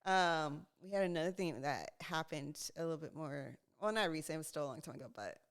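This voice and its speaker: Young woman podcast co-host, smooth lowish voice, animated storyteller. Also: fairly quick. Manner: animated, laughing, acts out quotes. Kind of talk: casual storytelling chat.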